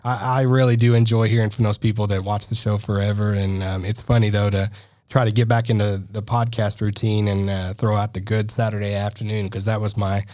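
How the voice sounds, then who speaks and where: A man's voice: on the low side, flat delivery, fairly quick, a little mellow, no room sound. A man co-hosting a casual podcast chat, talking loosely with lots of fillers, restarts and easy laughs. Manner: chatty, laughs often, many fillers and restarts. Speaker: podcast co-host. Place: podcast studio.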